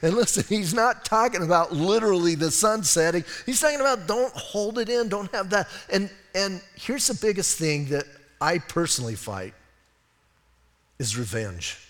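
Pastor guy preaching, kinda high voice, jokey and chatty, long echo in the hall. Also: normal speed. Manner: conversational, self-deprecating, animated storytelling. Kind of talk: sermon. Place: church sanctuary.

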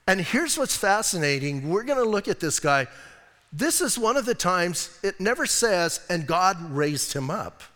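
A man with a high voice preaches a sermon in a reverberant church hall. He reads scripture with animated emphasis, then drops to quiet, hushed asides. The room's long echo trails behind his words. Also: unhurried. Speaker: pastor.

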